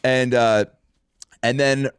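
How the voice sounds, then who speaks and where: A man hosting a casual podcast chat, telling stories in an animated way and swearing freely. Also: mid-range voice, slow pace, clear, resonant tone, no room sound, studio quality. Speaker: podcast host and comedian.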